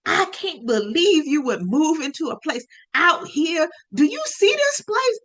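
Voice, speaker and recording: A woman's voice: on the low side, expressive, moderate pace. A woman doing an angry scolding father. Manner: loud scolding. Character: angry protective father, loud, fuming.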